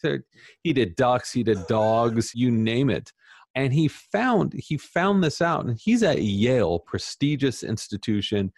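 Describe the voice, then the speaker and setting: A man being interviewed as an author, talking casually in an animated, emphatic, self-deprecating way. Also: mid-range voice, a little slow, slightly rough, dry recording, studio quality. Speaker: author guest.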